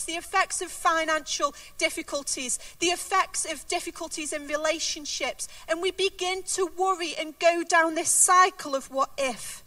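High bright-voiced woman preaching. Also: measured pace, no echo, recorded from a distance. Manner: earnest, emphatic, repeats key words. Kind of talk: sermon with scripture reading.

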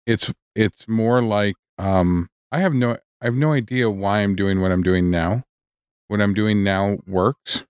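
A man's voice: lowish voice, smooth, no echo. A man co-hosting a podcast, musing in easygoing casual chat with dry humor. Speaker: podcast co-host.

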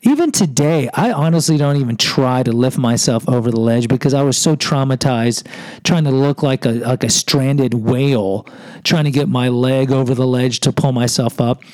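He's a podcast host from Houston, Texas, mid-range and slightly mellow at a moderate pace, telling a personal story in which he's the butt of the joke while acting out others' lines. The audio is dry and rough.

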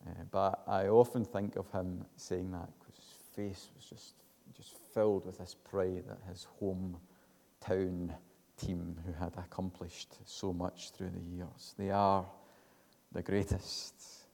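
A man preaching a sermon, slow and measured, building to emphatic declarations. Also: low voice, little pitch movement, gravelly, mellow, long reverb tail.

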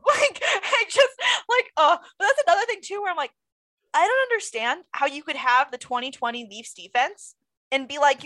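A woman with a high voice talks sports in a loose podcast chat. She is animated and quick, and she often breaks into laughter and exclamations. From Toronto fan. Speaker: podcast co-host.

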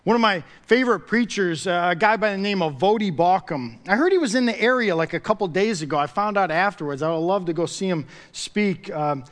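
A man's voice: high voice, expressive, a little fast, hardly any pauses, fairly bright tone. A man preaching a sermon as pastor, talking conversationally and building to emphatic swells with repeated phrases.

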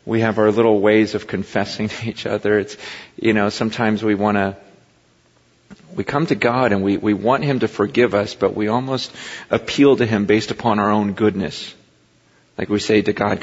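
A pastor giving a sermon in a conversational preaching style that rises into impassioned emphasis, recorded in a large hall. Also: male voice, fairly low pitch, fairly even intonation, moderate pace. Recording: muffled recording with long hall reverb.

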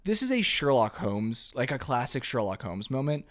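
A man's voice: medium pitch, very animated. A man co-hosting a casual movie discussion podcast, riffing and acting out lines from the film. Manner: quick riffing with acted-out quotes. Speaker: podcast co-host. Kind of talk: casual movie-review chat.

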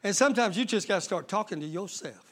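Bright-voiced preaching pastor, man. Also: sits high, animated, fast. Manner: preaching with sudden shouted surges and folksy Southern-style talk. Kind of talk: sermon.

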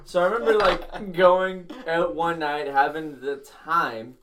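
A man with a slightly higher voice spins a rambling, swear-filled anecdote in an easygoing chat. He talks loosely, tossing off asides as he goes. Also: steady tone, measured pace, recorded from a distance, background noise. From Toronto, Canada. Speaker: storyteller in group chat. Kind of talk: casual storytelling chat.

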